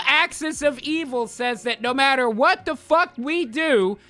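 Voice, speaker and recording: A man's voice: very high voice, measured pace, pushed and bright, no room sound. A man hosting a podcast, ranting about foreign policy with lots of swearing and direct appeals to his listeners. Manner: heated, swearing, rants at the audience. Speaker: podcast host. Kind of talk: profane political commentary.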